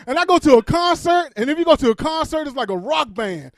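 A man doing stand-up comedy on a club stage, telling loud, animated stories with shouted bits, then chatting in an interview. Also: very high-pitched, fast talker, no echo, studio quality.

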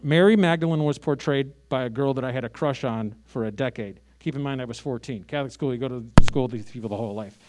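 A man in his late thirties from Chicago doing a brash, sarcastic stand-up comedy set with big swings in loudness. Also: mid-range voice, fast talker, few pauses. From Chicago, USA. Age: 30s.

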